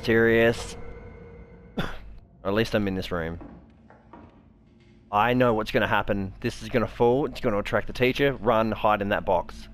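A man's voice: lowish voice, unhurried, long pauses. A man giving foul-mouthed gameplay commentary, jumpy and cursing constantly. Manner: swears constantly, jumpy, shrieks when startled. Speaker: let's player.

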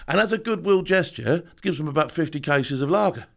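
A man, a former special forces soldier, telling animated war stories as a podcast guest, laughing often and acting out shouts and quotes. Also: a little high, vocal fry. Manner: fast, laughing anecdotes with acted-out shouts and quotes. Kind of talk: animated storytelling.

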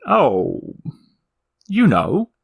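A man's voice: fairly low pitch, lively intonation, slow pace, creaky, exaggerated voice. A man voicing a nervous, shifty little demon who lives in a picture box and talks in an evasive mutter.

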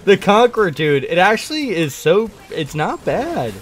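A young man giving playful, excitable live commentary on his own video game match, trash-talking and hyping himself up. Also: high-pitched, a little slow, faint music behind. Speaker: gaming streamer.

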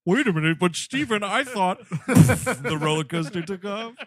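Comedy podcast co-host, male, bright voice with lively pitch swings, dry close mic. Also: no room sound. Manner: quick joking interjections, crude riffs. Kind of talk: casual comedic chat.

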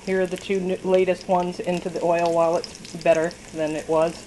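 A woman with a slightly low voice rambles through a home cooking video in her kitchen, poking fun at herself and laughing as she goes. Oil sizzles faintly behind her over a light hiss. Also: little pitch movement, normal speed, mellow, poor audio. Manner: rambling, self-deprecating, laughs often. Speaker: cooking vlogger. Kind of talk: casual chatty cooking demo. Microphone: camera on the counter, later a handheld camera.

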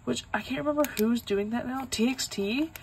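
Giggly, chatty young woman with vocal fry. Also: a little high, brisk, background noise. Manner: chatty, giggly, rambling with many likes. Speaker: vlogger. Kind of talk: casual unboxing chat.

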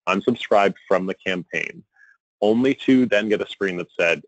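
A man giving a conference presentation, animated and exasperated, with a joking edge. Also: sits low, moderate pace, no echo, low-quality recording. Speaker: conference speaker on email marketing.

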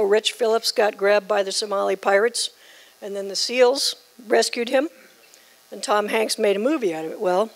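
A woman in her sixties from the southern United States, giving a joking, emphatic keynote speech. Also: fairly high pitch. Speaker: keynote speaker. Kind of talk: humorous after-dinner speech.

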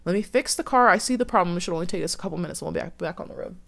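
A woman's voice: fairly low pitch, lively intonation, very fast, vocal fry. A woman voicing a dismissive young man who brushes off his girlfriend's worries. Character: young man, dismissive boyfriend fixing a car.

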